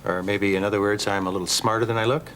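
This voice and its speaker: An actor playing an easygoing physical therapist in a TV drama, speaking calmly. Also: male voice, on the low side, quick pace, a little hiss or hum, close to an everyday voice, low-quality recording. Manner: calm and easygoing. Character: easygoing, self-aware male physical therapist. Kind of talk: daytime TV drama acting.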